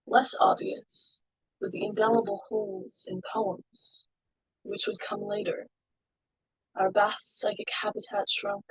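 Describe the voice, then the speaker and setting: A woman reading her poetry at an online open mic, slow and soft, out of breath, then chatting with fillers. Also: medium pitch, vocal fry, husky, no room sound, low-quality recording. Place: home, online video call.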